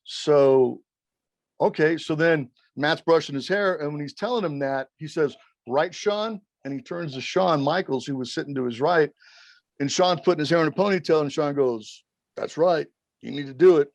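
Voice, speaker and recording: Profane, rambling former referee telling stories. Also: male voice, on the high side, moderate pace, no room sound. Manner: animated, swears constantly, acts out quotes. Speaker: former wrestling referee, interview guest.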